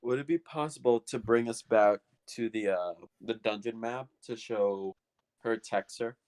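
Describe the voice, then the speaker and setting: A man's voice: medium pitch, steady tone, unhurried, a little mellow, no room sound. A man talking casually and eagerly as a player in a tabletop game session, swearing now and then.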